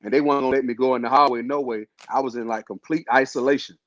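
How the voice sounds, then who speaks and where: Very fast and with fairly even intonation, a mid-range male voice tells the host's illness story. He keeps it laid-back and slangy, full of fillers, in a dry, dull lo-fi recording.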